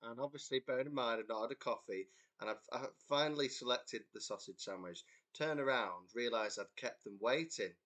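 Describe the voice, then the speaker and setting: English guy in his twenties or so, rambly livestream chat, keeps laughing, mid pitch. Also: a little fast, fairly bright tone. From England. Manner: rambling storyteller, laughs often, reads out chat comments. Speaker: band member hosting a livestream chat. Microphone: computer mic on a livestream.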